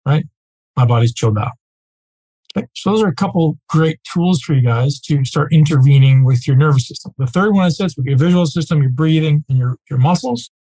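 Husky, mellow-voiced man coaching a group. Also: a little high, a little fast, few pauses, rough recording. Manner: casual and emphatic, peppered with rhetorical "right?". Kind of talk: teaching a live group.

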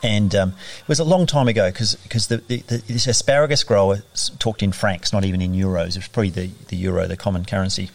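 Speaking quickly with few pauses, this middle-aged man from Australia has a fairly low voice with vocal fry. A former chef now farming, he reflects in a conversational interview, with plenty of fillers and restarts.

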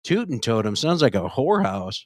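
A man's voice: medium pitch, very animated, moderate pace, no room sound, studio quality. A man co-hosting a crude, casual comedy talk show, joking and laughing often. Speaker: co-host.

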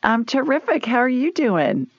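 A woman's voice: fairly high pitch, sing-song, moderate pace, no room sound. Chatty Southern radio host woman. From Alabama. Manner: upbeat, chatty, laughs often. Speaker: radio show host and psychic medium. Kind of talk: call-in radio chat. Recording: dull, lo-fi broadcast audio.

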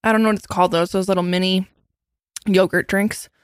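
A young woman on a casual podcast who tastes and guesses drinks in an excitable, blunt way and swears freely. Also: mid-range voice, fast talker, clean tone, no room sound, clean studio sound. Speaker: podcast co-host. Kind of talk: casual chat.

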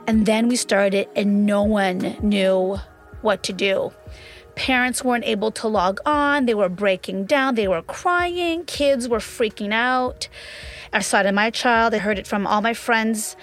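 Higher-voiced mother telling her story animatedly. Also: unhurried, faint music behind. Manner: animated storyteller, acts out quotes, many fillers. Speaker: interviewee, parent. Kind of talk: casual interview.

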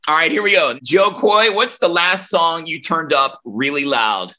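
A man hosting a radio show, asking a guest relaxed, playful questions. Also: on the high side, a little slow. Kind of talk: casual radio interview.

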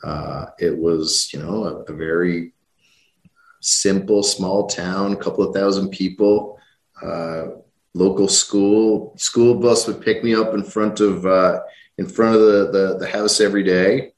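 A man's voice: low-pitched, steady tone, measured pace, roomy sound. A man from Ireland with a faint Irish accent, a guest in a casual interview, friendly, with lots of fillers and restarts. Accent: faint Irish, mostly American-sounding. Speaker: guest, company chief executive.

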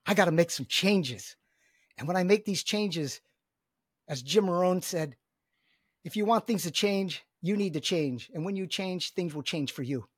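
A man's voice: sits high, a little slow, slightly rough, dry recording, studio quality. A middle-aged man, a business coach talking as a podcast guest, enthusiastic and emphatic, often repeating his words. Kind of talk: energetic podcast conversation.

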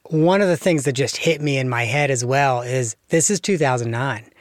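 A man's voice: medium pitch, moderate pace, no echo, studio quality. A man hosting a podcast interview who talks conversationally and breaks in with apologetic asides. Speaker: host.

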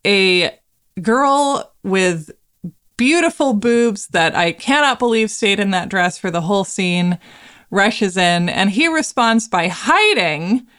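A woman's voice: mid-range voice, lively intonation, slow, a bit bright, clean tone. Chatty laughing woman discussing a film. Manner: chatty, laughs often, slips into mocking voices. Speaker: podcast co-host.

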